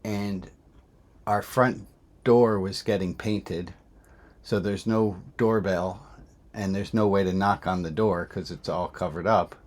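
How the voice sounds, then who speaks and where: A man's voice: deep voice, steady tone, takes it slowly, a little mellow. A man who is a rabbi, telling a candid personal story in a self-reflective way, often restarting his sentences.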